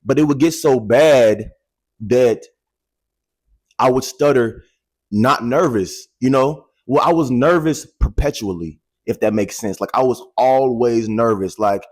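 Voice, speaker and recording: A man in his twenties talking to viewers in a casual, animated testimony, repeating phrases for emphasis, into a handheld microphone. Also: mid-range voice, a little slow. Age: 20s. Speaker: vlogger.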